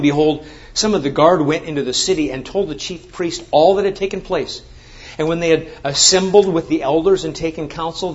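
A man preaching a sermon, reading scripture and then explaining it with emphatic, rising exclamations. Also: on the high side. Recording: dull lo-fi sound.

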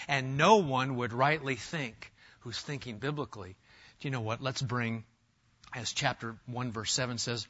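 A man preaching an animated sermon in a church, acting out quoted voices as he goes. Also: on the high side, moderate pace. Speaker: pastor. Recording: dull lo-fi sound.

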